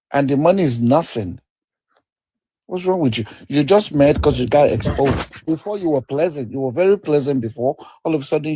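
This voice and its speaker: A man's voice: fairly high pitch, dark tone, husky, no room sound. A man on a live debate stream, speaking in an indignant, repetitive, rambling way.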